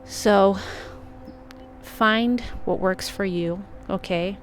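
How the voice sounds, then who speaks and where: Earnest woman vlogger giving gentle advice. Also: medium pitch, extremely slow, faint music behind. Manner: earnest and encouraging, many "like" fillers. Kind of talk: casual heartfelt advice monologue.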